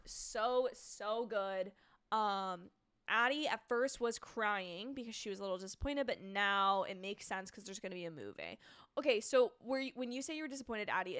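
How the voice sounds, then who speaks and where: Answering viewer comments on her live reaction stream, a young TV reviewer gushes and rambles with excitement. Her clean-toned voice sits at a medium pitch, recorded close and dry without any echo.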